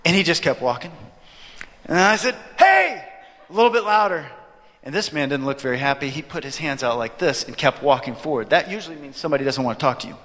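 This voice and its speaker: Male preacher, storytelling sermon, bright forceful voice, slightly high, long hall echo. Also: fast. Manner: animated storyteller, acts out his own reactions.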